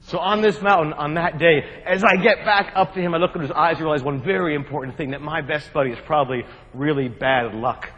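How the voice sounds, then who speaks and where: A man from New Jersey giving a humorous keynote speech, telling adventure stories in an animated, joking way. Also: fairly high pitch, fairly quick, few pauses. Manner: animated, jokey, acts out shouts and quotes. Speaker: keynote speaker. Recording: long hall reverb.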